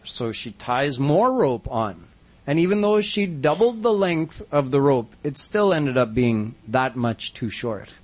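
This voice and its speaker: A man's voice: mid-range voice, very animated, unhurried, breathy edge. A man telling a devotional story as a sermon, narrating vividly and using Hindi devotional terms. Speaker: religious storyteller.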